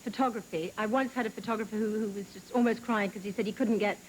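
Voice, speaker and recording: A woman's voice: medium pitch, quick pace, a little hiss or hum, low-quality recording. A middle-aged English woman, an actress guest on a talk show, chatting and telling stories with frequent laughs. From England. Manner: laughing, animated storytelling.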